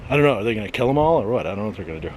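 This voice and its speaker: A man's voice: lowish voice, lively intonation, rapid-fire. A man vlogging casually on a coastal cape, joking dryly with sarcastic asides and at times out of breath from a steep hill. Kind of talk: casual vlog narration. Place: outdoors on a windy coastal cape. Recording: noisy outdoor camera audio.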